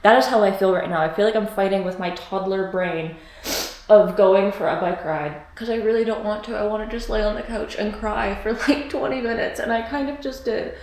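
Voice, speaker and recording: A woman's voice: medium pitch, a little fast, darkish tone, echoey room, low-quality recording. A woman vlogger talking casually and candidly, rambling and swearing freely as she shares her days. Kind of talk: casual chatty vlog.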